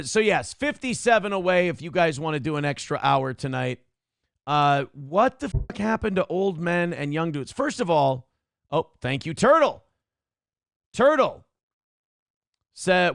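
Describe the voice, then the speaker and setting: A man's voice: on the high side, creaky, dry recording, clean studio sound. A man in his thirties hosting a live stream from home, reading chat aloud and mocking a commenter in profane banter.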